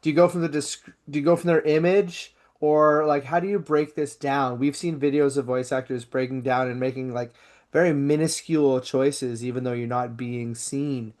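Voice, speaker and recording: Male podcast host, mid-pitched voice. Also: fairly even intonation, moderate pace, darkish tone. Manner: curious, conversational questioner. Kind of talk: casual interview chat.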